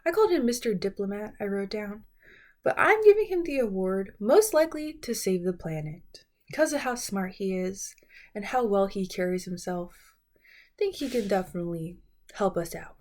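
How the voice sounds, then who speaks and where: A woman's voice: mid-range voice, lively intonation, moderate pace, darkish tone. A young woman chatting casually and playfully about reality TV contestants in a vlog. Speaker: beauty and reality TV vlogger.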